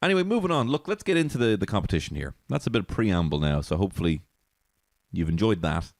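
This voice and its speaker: A man's voice: low-pitched, sing-song, quick pace, dry recording, studio quality. A man hosting a comedy podcast alone, rambling, swearing and laughing at his own jokes from a small alcove. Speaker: podcast host. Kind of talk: solo comedy podcast monologue.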